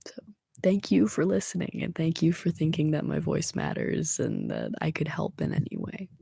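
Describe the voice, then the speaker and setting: A young adult ASMR livestreamer in soft-spoken, whispered ASMR chat, rambling and emotional, talking from a small room at home. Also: medium pitch, wildly swooping pitch, moderate pace, gravelly, slightly rough, dry recording, studio quality.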